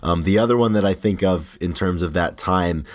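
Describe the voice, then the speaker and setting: A man co-hosting a podcast in casual chat, telling stories and quoting film lines in lively put-on voices. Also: low voice, normal speed. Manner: animated, quotes movie lines in put-on voices. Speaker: podcast co-host.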